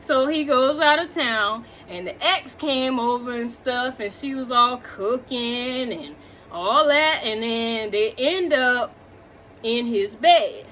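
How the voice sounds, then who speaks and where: A woman recapping a movie in casual chat, animated and talking straight to her viewers, drifting off on tangents. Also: fairly high pitch, slow pace, a little hiss or hum. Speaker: movie reviewer.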